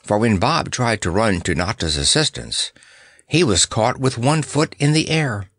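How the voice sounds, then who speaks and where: A man reads a storybook aloud with an animated, rising-and-falling delivery. His pace is slow and deliberate. The recording is close and dry. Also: mid-range voice, no room sound. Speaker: audiobook narrator. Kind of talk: storybook narration.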